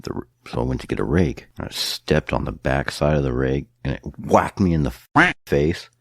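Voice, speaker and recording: Deep gravelly-voiced man, deadpan jokes. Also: moderate pace, dry recording, studio quality. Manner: deadpan joking. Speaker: podcast co-host. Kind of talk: casual chat.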